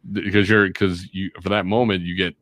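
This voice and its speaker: Chicago guy on a podcast, real low voice, dry close sound, acting out his own stories. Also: fairly quick, dry recording. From Chicago, USA. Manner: animated, self-mocking, acts out quotes. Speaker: guest, radio and voiceover artist. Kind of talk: casual podcast storytelling.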